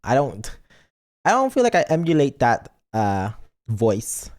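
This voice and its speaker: A man's voice: mid-range voice, wildly swooping pitch, measured pace, a little mellow. A man streaming and chatting casually in a playful, rambling way, reading chat messages aloud. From lives in Britain, not British.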